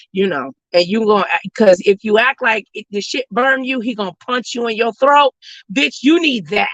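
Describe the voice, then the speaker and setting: A woman hosting an online talk show, ranting loudly and profanely in sassy commentary, often shouting. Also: mid-range voice, no echo, dull audio. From West Coast of the US. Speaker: host.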